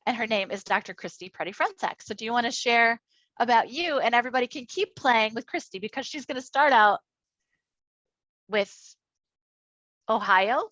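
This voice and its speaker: A middle-aged woman from Minnesota leading an online workshop on inclusive education, enthusiastic and chatty with quick asides. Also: fairly high pitch, lively intonation, a bit bright, no room sound, muffled recording. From Minnesota, United States. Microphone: computer mic on a video call.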